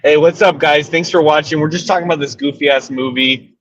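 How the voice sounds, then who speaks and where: A man chatting casually about a movie while driving, excitable, laughing a lot and swearing casually. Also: on the high side, a little fast, dull audio, a crowd in the background. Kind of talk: casual chat. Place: in a car.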